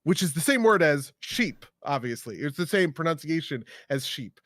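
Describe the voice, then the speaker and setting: This podcast co-host, a man from the United States, has a fairly high, sing-song, slightly bright voice and speaks at a moderate pace. He rambles through casual chat, full of fillers, ending points with "right?", in a clean studio recording with no room sound.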